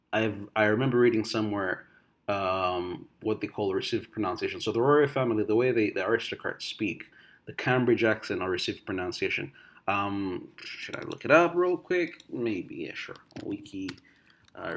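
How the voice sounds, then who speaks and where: A Ugandan vlogger with a voice on the low side thinks aloud in a casual monologue. It's full of restarts and fillers, swinging between loud bursts and quiet asides.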